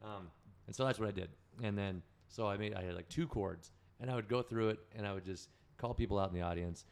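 A man's voice: lowish voice, fast, vocal fry. A man telling stories as a podcast guest in casual chat, rambling, profane and correcting himself as he goes.

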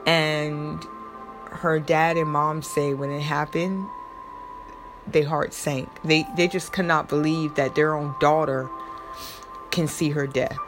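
Young woman with a low voice, rambling on with lots of ums, emotional, faint music behind. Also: level tone, slow pace. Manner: rambling, many fillers and restarts. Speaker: host. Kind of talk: casual personal talk.

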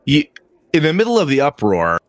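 A man's voice: on the high side, fairly quick, dry recording. Man, game master, rambling narration, dry close sound. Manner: relaxed, rambling with fillers.

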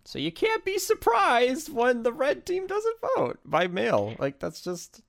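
A man chatting casually as a podcast co-host, rambling and animated, laughing often and swearing. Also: very high-pitched, a little slow, creaky. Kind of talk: casual chat.

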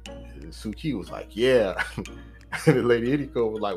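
A man's voice: on the low side, animated, normal speed, a little mellow. A man casually retelling a movie plot in a rambling, profane way, packed with fillers and acted-out character lines, with music underneath. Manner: rambling, profane, full of "like" and "you know"; acts out characters' lines mid-story. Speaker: film reviewer.

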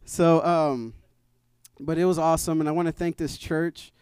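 A man's voice: a little high, steady tone, moderate pace, darkish tone, clear, resonant tone, no room sound, clean studio sound. A man giving a church testimony in a conversational way, full of fillers and restarts, building to emphatic preaching. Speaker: church member sharing a mission trip testimony.

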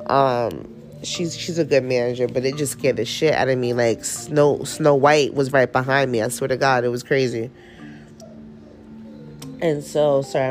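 A woman with a low voice hosts her own podcast, talking in a loose, rambling way full of slang and casual swearing. Faint music plays quietly behind her. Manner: candid, slangy, swears freely, rambling storyteller. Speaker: podcast host. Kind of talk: casual unedited podcast chat.

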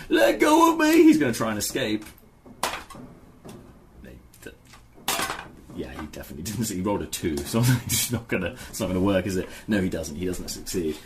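A very deep male voice with a lively, swooping delivery runs a tabletop game, narrating each turn in a loose, rambling way full of ums. The recording carries a steady wash of background noise. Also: fairly quick, long pauses. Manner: relaxed, rambling narration with many fillers. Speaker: game master. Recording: noisy background.

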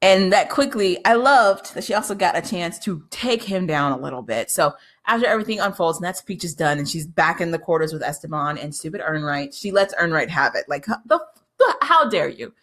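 A woman's voice: lowish voice, brisk, few pauses, fairly bright tone. A woman giving a casual, chatty recap of a TV episode, swearing freely and laughing as she talks. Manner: chatty, profane, laughs often.

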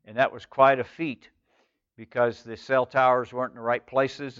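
A male pastor preaching a sermon with animated storytelling, calling on the congregation to answer back. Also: mid-range voice, moderate pace, clean tone, no room sound, highs cut off.

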